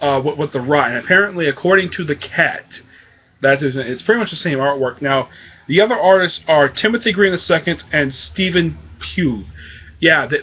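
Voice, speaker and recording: A man's voice: a little high, slightly rough, lo-fi sound. A man hosting his own comic book review show, talking casually and hesitantly with lots of fillers. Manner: rambling, hesitant with many fillers.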